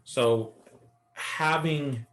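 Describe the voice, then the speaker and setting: A man's voice: medium pitch, very slow, fairly bright tone. A man teaching a live beginner day-trading lesson, coaching and talking through chart examples. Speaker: trading instructor.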